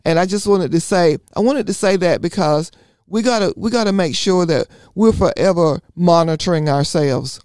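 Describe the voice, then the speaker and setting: A man's voice: high-pitched, moderate pace, darkish tone, clear, resonant tone, no echo, clean studio sound. A man leading a Bible study, preaching earnestly in rhythmic runs of repeated phrases. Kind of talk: preaching sermon.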